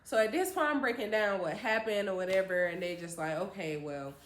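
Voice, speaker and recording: A woman's voice: mid-range voice, a little fast. A young woman vlogger telling a personal story casually, acting out the voices of the people in it. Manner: animated, acts out other people's voices. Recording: roomy echo.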